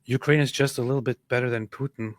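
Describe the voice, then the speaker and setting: A man's voice: medium pitch, fairly even intonation, fast, dry recording. A man in his thirties hosting a livestream, commenting casually on viewer chat in an exasperated, sarcastic way. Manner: exasperated, sarcastic, repeats himself. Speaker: livestream host.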